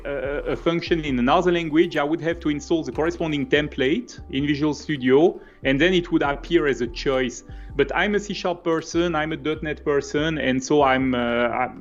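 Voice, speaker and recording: Guy walking through a coding demo, kinda high voice, muffled sound w/ faint music. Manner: explains step by step with many fillers and restarts. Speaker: host. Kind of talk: live coding demo chat.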